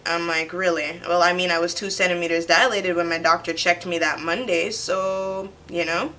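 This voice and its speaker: A young woman from Jamaica talks straight to her camera, telling a long personal story. Her voice sits a little low but sounds bright and forward. She keeps it chatty and animated, slipping into quoted voices of the people in her story. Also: normal speed, hardly any pauses. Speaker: vlogger. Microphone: camera mic.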